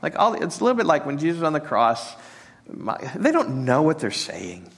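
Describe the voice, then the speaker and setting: A male pastor preaches in a voice pitched a little above the usual for a man, halting over his words and often repeating them. He sinks into a soft, near-whispered hush when a point turns tender. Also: wildly swooping pitch. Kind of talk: sermon.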